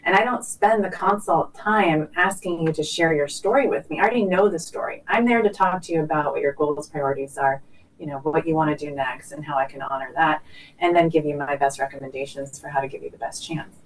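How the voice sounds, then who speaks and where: A woman with a low voice speaks as a guest doctor on a podcast, chatty and quick to joke about herself. She sounds a bit far from the microphone, with a faint hiss behind her. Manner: chatty, jokey and self-deprecating. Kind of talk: casual podcast interview.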